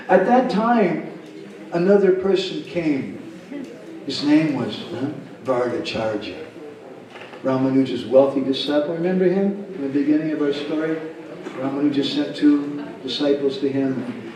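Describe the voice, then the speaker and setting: A man's voice: fairly high pitch, animated, unhurried, a crowd in the background. A man at a devotional camp telling a story and acting out its characters. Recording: echoey hall, speaker far from mic.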